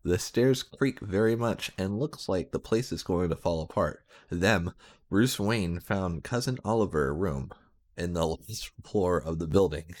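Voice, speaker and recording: Deep-voiced man reading bad fiction sarcastically. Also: unhurried, darkish tone. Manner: sarcastic, breaking into laughter. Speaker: reader. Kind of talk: mocking dramatic reading of bad fan fiction.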